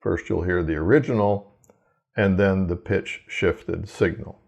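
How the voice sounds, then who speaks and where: A man who researches hearing, giving a measured, explanatory scripted lecture. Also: sits low, creaky, a little mellow.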